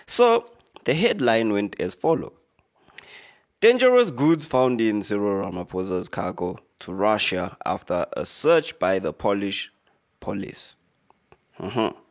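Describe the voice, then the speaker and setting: Male radio host, very low voice, easygoing joking delivery over a news piece. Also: vocal fry. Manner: laid-back, rambling, joking asides with fillers. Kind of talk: casual commentary on a news article.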